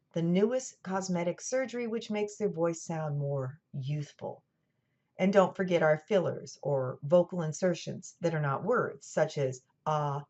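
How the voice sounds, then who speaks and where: Woman lecturer with a General American accent, a touch low, measured delivery, dull recording. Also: mellow. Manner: clear, measured explaining with dry asides. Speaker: college lecturer. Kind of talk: scripted lecture narration.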